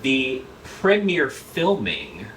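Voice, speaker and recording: A man talks through his wardrobe in an animated, storytelling way, laughing as he goes. His voice swings up and down a lot, and it sounds roomy and a bit distant, as if picked up from across a closet. A faint hiss sits under it. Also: mid-range voice, drawn-out words. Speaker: closet tour guest. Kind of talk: casual chat. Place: home closet, echoey room.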